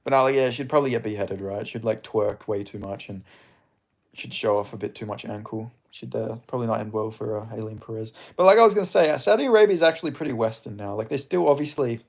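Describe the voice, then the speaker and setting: A young Australian man from Western Australia chats casually about MMA on a livestream, reading chat and rambling with plenty of swearing, fillers and chuckles. His voice is low, gravelly and expressive, and he talks fairly quickly.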